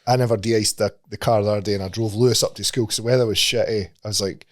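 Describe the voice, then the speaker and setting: A man's voice: lowish voice, steady tone, rapid-fire. A man in his thirties with a Scottish accent, co-hosting a podcast with laughing, sweary banter. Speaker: podcast co-host. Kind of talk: casual chat. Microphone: studio mic.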